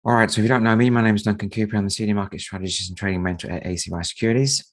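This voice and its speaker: A man hosting a live trading webinar, croaky from a sore throat and speaking softly to save his voice. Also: fairly low pitch, fairly even intonation, very fast. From Australia. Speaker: market strategist and trading mentor.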